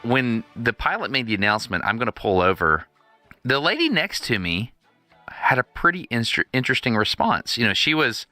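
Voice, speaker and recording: A man's voice: medium pitch, normal speed, no room sound, soft background music. A man co-hosting a podcast, telling a story in casual chat, laughing a lot and acting out what people said. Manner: lively, laughs a lot, acts out quotes. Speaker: podcast co-host.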